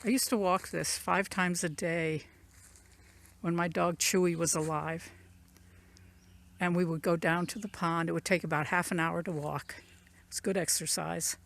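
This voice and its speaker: A woman's voice: on the low side, steady tone, a little slow, creaky, pauses often. A woman giving a casual, rambling walking tour of her rural land outdoors. She points things out as she goes, recorded on a phone she carries. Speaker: channel owner giving a property tour. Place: outdoors in rural woods and fields. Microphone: phone camera carried while walking.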